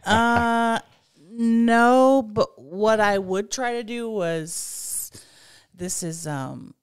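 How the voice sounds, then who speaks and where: A woman's voice: on the high side, drawn-out words, smooth, no room sound, clean studio sound. A woman who is a guest on a podcast, chatting playfully and asking teasing questions. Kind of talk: casual chat.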